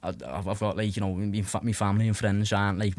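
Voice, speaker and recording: Young Scouse man, podcast guest, low-ish voice, dry close sound, rambling casual storyteller. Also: level tone, quick pace, dry recording. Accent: Liverpool (Scouse). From Liverpool, England. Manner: rambling, heavy fillers and restarts, swears freely.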